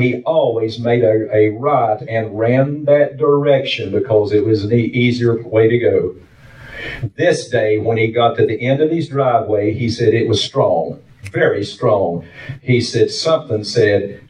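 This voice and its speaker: A man's voice: mid-range voice, a little mellow. A man preaching a fervent sermon, telling a story in plain, colloquial rural speech. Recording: dull, roomy sound from far off.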